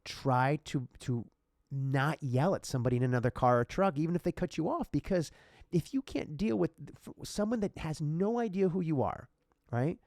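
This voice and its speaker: A man's voice: on the high side, normal speed, few pauses, darkish tone, no echo, clean studio sound. A man hosting a casual podcast, telling a personal story in a heartfelt, emotional way. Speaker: podcast host.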